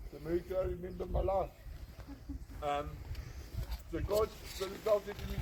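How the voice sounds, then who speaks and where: A man in his late forties tells his testimony in an earnest, emphatic way, hammering home repeated phrases. His voice sits a little high for a man. It was recorded outdoors, with clear background noise and birds. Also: fairly even intonation, a little fast, long pauses. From South Africa. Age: 40s. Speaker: rehab centre founder. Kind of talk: personal testimony.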